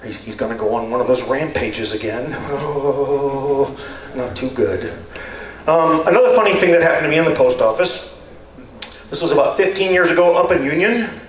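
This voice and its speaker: An older man doing rambling, deadpan stand-up storytelling on a stage. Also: medium pitch, normal speed, a little hiss or hum. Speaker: stand-up performer. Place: stage at a community talent show. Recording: echoey hall, voice far from mic, faint ambience.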